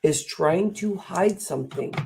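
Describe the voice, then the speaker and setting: A middle-aged woman giving a motivational talk, animated and acting out the voices she quotes. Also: fairly low pitch, measured pace, creaky, background noise. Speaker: speaker and coach.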